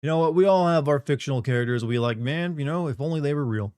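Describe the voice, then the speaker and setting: A man's voice: a little high, quick pace, darkish tone, clean tone, no echo. Middle aged guy streaming, rambling n joking w chat, dry close mic. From Southern United States. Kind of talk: casual live-stream chat.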